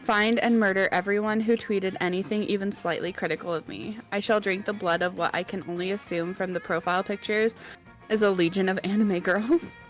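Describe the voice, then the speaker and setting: A woman's voice: medium pitch, steady tone, brisk, faint music behind, natural voice. Dahlia, a woman doing a gleeful tyrant. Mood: gloating. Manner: gleefully menacing, grandiose. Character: ruthless bloodthirsty woman conqueror.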